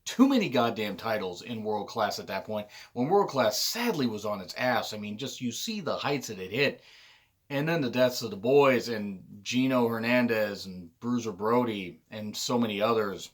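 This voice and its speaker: A man giving a blunt, sardonic wrestling review in a casual monologue, swearing often and clearing his throat now and then. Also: lowish voice, lively intonation, normal speed.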